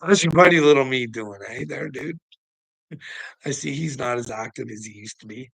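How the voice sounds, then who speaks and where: A man's voice: medium pitch, normal speed, creaky, a bit bright, husky, no room sound, poor audio. A man rambling on his channel, swearing a lot, laughing through his words and taunting people by name. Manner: laughs constantly while talking, profane and mocking. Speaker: channel host. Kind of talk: rambling livestream rant.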